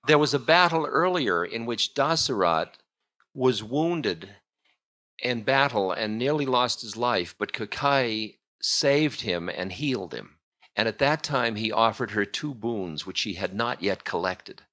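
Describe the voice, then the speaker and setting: A man's voice: mid-range voice, animated, a little slow, bright, forceful tone. A man, a spiritual teacher, giving a storytelling lecture in a casual, meandering way with chuckling asides.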